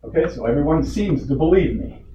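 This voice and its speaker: A man's voice: fairly high pitch, lively intonation, brisk, dark tone. Indignant man speaking up at a meeting. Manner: indignant storytelling with rhetorical questions. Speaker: resident addressing a community board. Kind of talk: public comment at a meeting. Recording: echoey room, distant mic, dull sound, faint hiss.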